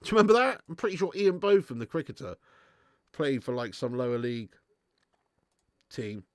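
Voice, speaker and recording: A man's voice: medium pitch, a little fast, no room sound, clean studio sound. A man hosting a live football watch-along, bantering with chat and swearing freely. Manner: animated banter with swearing, reads and answers chat.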